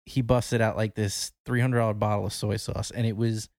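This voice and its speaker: A man's voice: lowish voice, flat delivery, normal speed, darkish tone, dry recording, studio quality. A man co-hosting a podcast in a laid-back, joking chat. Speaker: podcast co-host. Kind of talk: casual chat.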